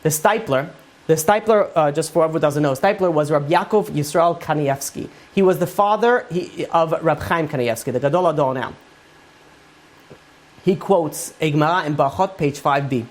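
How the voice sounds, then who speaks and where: A man's voice: a little high, moderate pace. A man, a rabbi, giving an informal Torah class, retelling Talmud stories in a conversational way with many fillers.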